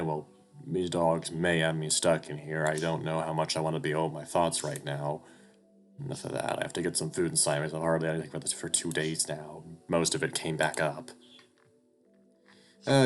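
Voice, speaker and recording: Deep-voiced young man narrating a game. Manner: casual, rambling, swears. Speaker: game streamer. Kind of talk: narrating a visual novel playthrough.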